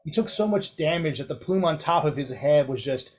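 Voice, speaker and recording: A man narrating a tabletop game as game master, casual and rushing through rules. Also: on the high side, expressive, a crowd in the background.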